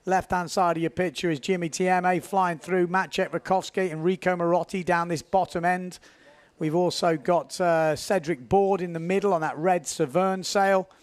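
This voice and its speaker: A man giving live, chatty commentary on a windsurf race, building excitement at key moments. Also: high voice, moderate pace, clear, resonant tone, no echo.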